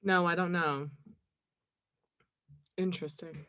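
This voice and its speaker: A woman's voice: on the low side, fairly even intonation, takes it slowly, fairly bright tone, no room sound. A young woman co-hosting a casual podcast, talking animatedly, laughing often and acting out quotes. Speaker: podcast co-host. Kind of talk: casual chat.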